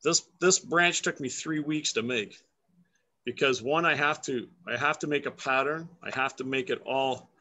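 A Canadian woodcarver, appearing as a guest on a live video call, casually and playfully demonstrates his work while laughing often. His mid-range voice has a sharp tone and a moderate pace.

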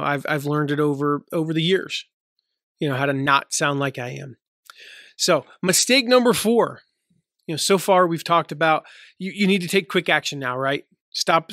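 A man's voice: a little high, pushed and bright, no room sound, studio quality. A man in his thirties from the American South, with a light Southern accent, hosting a casual solo podcast, chatty and full of fillers and restarts. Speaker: podcast host.

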